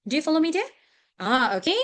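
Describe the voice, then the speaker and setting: A woman's voice: high voice, sing-song, fast, no room sound. A young woman teaching an English vocabulary lesson to a class, often checking whether students follow. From Singapore. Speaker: English tutor.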